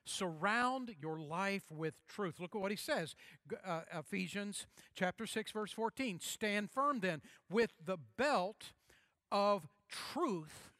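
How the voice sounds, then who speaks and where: A man pastor delivering a sermon, emphatic, repeating key phrases and slowing down to stress them. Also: sits high, lively intonation, fairly bright tone, no room sound, clean studio sound.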